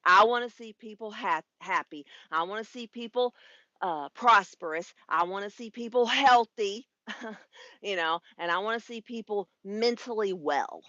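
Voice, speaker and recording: A woman's voice: mid-range voice, measured pace, pushed and bright, no room sound, dull audio. A woman in her fifties, a spiritual life coach, talking frankly and casually on a live stream, swearing freely and laughing often. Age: 50s. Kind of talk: casual livestream monologue.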